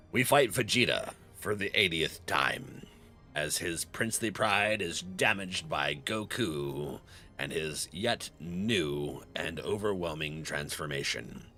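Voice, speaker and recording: A dramatic cartoon episode announcer, as a man puts him on, stretching every word slowly. His low voice has a gravelly texture. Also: animated, pushed and bright, faint music behind, heavily acted. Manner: slow, drawn-out announcing.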